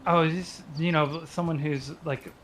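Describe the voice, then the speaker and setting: A man's voice: on the high side, fairly even intonation, measured pace, a bit bright, a little hiss or hum. A man from the US chatting on a gaming call, rambling with many fillers and restarts. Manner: hesitant, rambling, lots of fillers. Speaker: co-op player. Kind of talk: casual gaming chat.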